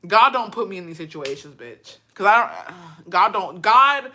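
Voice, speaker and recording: Bright-voiced woman ranting, outraged. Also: mid-range voice, big pitch swings, a little hiss or hum. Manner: profane, outraged, fast-shifting rant. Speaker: commentator reacting to a story. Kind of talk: heated reaction commentary.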